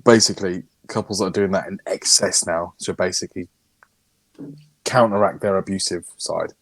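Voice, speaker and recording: A man co-hosting a casual podcast, chatting with animated energy and plenty of swearing. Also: low voice, normal speed, no echo. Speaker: podcast co-host. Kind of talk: casual banter.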